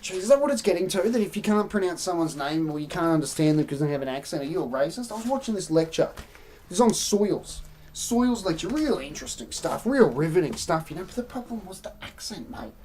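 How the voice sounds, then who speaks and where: A woman's voice: lowish voice, animated, brisk, a little mellow, slight background noise. An Australian woman hosting a live stream, rambling through opinions and answering her chat in casual commentary. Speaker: livestream host.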